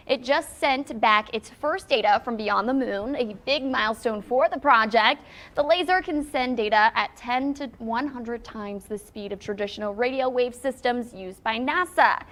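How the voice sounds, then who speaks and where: Bright woman anchor reading news. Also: fairly high pitch.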